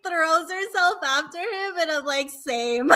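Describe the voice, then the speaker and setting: High, lively woman, slow and bright. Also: over a noisy crowd. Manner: enthusiastic, laughs often. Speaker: podcast guest. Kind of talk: casual movie discussion.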